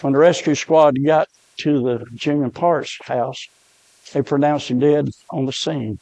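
A man's voice: mid-range voice, fairly even intonation, a little slow, darkish tone, dry recording. A middle-aged man, preaching a sermon with emotional storytelling. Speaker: pastor.

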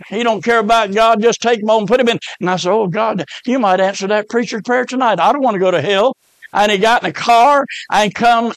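A middle-aged man, a pastor telling a folksy story in a sermon, rising at times to shouts and amens. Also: sits high, dry recording.

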